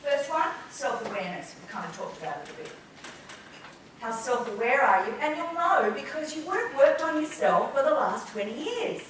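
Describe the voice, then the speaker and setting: Woman business trainer, fairly high voice, lively delivery, recorded from a distance in an echoey room. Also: moderate pace, slight background noise. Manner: lively, acts out quoted people. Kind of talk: live workshop talk. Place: large room with an audience. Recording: echoey room, mic far off.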